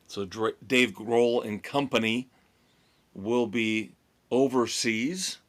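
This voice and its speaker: A man's voice: medium pitch, fairly bright tone. A man hosting a rock podcast, running through tour news in a chatty, opinionated way. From United States. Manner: chatty, opinionated, drawn-out delivery. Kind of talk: casual music news rundown.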